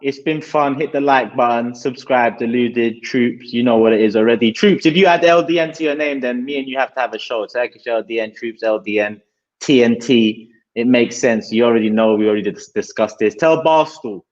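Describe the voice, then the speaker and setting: A man's voice: mid-range voice, a little fast. A London man hosting a casual, slangy football chat. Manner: laid-back, slangy. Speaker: host. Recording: dull lo-fi audio.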